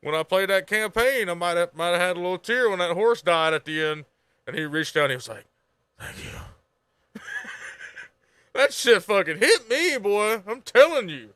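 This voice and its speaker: Lively high-voiced streamer man. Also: moderate pace, clean tone, no echo. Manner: animated, swears and laughs freely. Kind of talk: casual reaction commentary.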